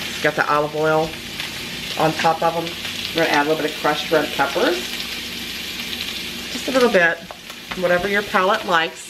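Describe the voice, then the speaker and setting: This is a low-voiced woman hosting a cooking channel, casually explaining a recipe at home with frequent ums and restarts. There's a pan sizzling in her kitchen and plenty of background noise.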